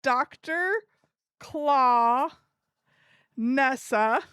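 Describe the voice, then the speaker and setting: A woman live streamer chatting casually with her viewers in an animated, giggly way. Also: sits high, very slow, clean tone, no room sound, clean studio sound.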